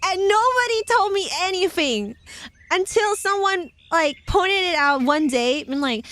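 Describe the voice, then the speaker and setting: This young woman, a virtual streamer, has an extremely high, slightly bright voice with lively intonation and an unhurried pace. Streaming casually, she reads tarot meanings aloud, often pausing for playful chat and frequent giggles.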